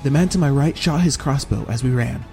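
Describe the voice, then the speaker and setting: A man narrating a fantasy audiobook in the first person, with steady, measured storytelling. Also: medium pitch, faint music behind.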